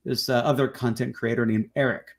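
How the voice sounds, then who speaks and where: A man with a mid-range voice talks as a guest in a casual chat. His delivery is relaxed and rambling, with frequent ums and restarts. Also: medium pitch, brisk. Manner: relaxed, rambling, many fillers. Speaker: documentary filmmaker guest.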